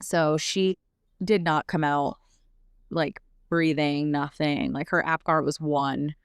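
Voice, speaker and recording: A young woman talks as a podcast guest, her voice a touch low and notably smooth and clean. She retells events in a rapid, animated casual style, dropping filler words constantly. The sound is close and dry. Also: dry recording. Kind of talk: casual storytelling.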